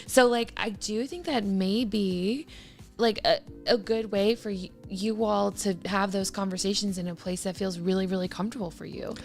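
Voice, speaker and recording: A woman co-hosting a podcast, chatting casually with lots of fillers and pauses. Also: medium pitch, steady tone, vocal fry, darkish tone, soft background music. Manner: chatty, hesitant, many fillers. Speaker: podcast co-host. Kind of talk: casual chat.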